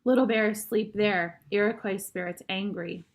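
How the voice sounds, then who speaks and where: A woman's voice: mid-range voice, steady tone, natural voice. Woman voicing a curt tiny warrior. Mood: stern. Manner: clipped broken speech, slow and firm. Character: tiny stern proud male warrior, curt, blunt.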